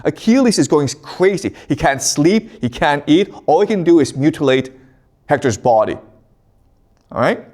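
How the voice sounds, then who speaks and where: Lecturer, man, lively swooping voice, a bit high, casual retelling. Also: normal speed. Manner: conversational, tags lines with "okay?".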